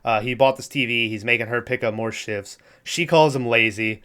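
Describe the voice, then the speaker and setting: Podcast co-host, male, smooth clear voice, rambling casual movie recap with frequent laughs. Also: mid-range voice, fairly even intonation, moderate pace, fairly bright tone. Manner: rambling, laughs often, acts out quotes.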